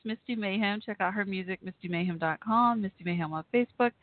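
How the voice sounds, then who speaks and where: A woman's voice: mid-range voice, brisk, hardly any pauses, no echo. A woman in her forties hosting a casual live call-in show, rambling and laughing often as she chats with listeners. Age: 40s. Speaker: podcast host. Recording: tinny phone-like line, dry.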